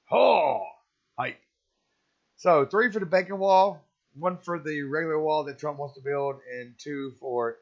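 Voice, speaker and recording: A man's voice: on the high side, moderate pace. Man, stream host, rambling opinionated chat, slightly muffled lo-fi audio. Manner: rambling, opinionated, chuckles often. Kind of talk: casual live-stream chat.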